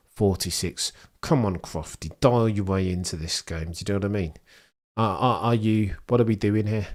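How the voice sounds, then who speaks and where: A man doing live race commentary for his chat, slangy and sarcastic, swinging between excitement and dejection. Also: low voice. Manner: exasperated, swings from animated to deflated. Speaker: streamer commentating a race watchalong.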